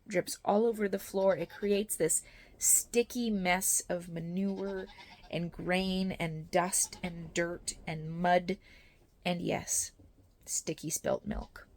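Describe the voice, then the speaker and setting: A woman's voice: lowish voice, darkish tone. A young woman vlogging about her small farm, talking in a tired, tearful, rambling way as she cries. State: crying. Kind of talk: candid vlog monologue.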